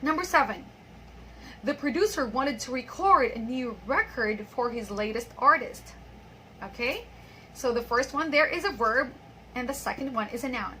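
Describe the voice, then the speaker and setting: A woman teaching an online English pronunciation lesson, patiently reading example sentences and repeating them slowly. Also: on the high side, expressive, bright, forceful tone, a little hiss or hum, poor audio.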